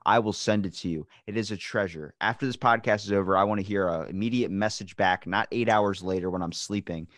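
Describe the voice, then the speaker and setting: A man's voice: on the low side, fairly quick, few pauses, a bit bright, dry recording, clean studio sound. A man hosting a podcast, teasing his guest in casual, playful chat. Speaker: podcast host.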